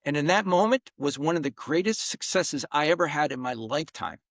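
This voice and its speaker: A man's voice: fairly high pitch, fairly quick, no room sound. A middle-aged man, a podcast guest, telling a personal story earnestly and with feeling, acting out the quotes. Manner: earnest, emotional, animated retelling with acted-out quotes.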